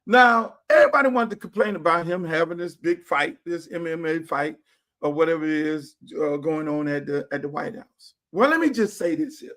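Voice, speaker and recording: A middle-aged man, hosting a livestream in a blunt, profane, animated manner. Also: on the high side, moderate pace. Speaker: host. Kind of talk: casual livestream talk. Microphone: streaming setup.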